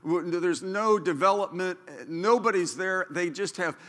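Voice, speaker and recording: High, bright-voiced preaching pastor. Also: male voice, unhurried. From Southern California. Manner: fervent preaching, building to loud declarations. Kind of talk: sermon. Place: church sanctuary. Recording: echoey church hall.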